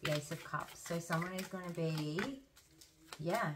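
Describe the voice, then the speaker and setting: A woman giving a casual tarot reading, chatty and hoarse as she loses her voice, thinking aloud with fillers and restarts. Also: fairly low pitch, measured pace, noisy background. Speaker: tarot reader.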